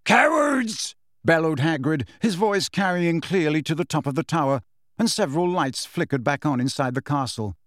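A man's voice: fairly high pitch, dry recording. Man narrating an audiobook, dry sound. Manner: measured storytelling with shifting character voices. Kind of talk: scripted narration.

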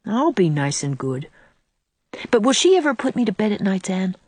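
A woman's voice: medium pitch, very animated, moderate pace, dry recording. A woman reading aloud, voicing a sulky, defiant eight-year-old farm boy who talks bluntly. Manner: whiny, blunt country talk.

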